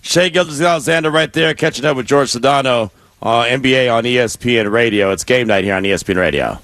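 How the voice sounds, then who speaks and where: A man hosting a sports radio talk show, reading listener messages and running segments with a smooth host delivery. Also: mid-range voice, quick pace, a bit bright. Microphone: studio mic.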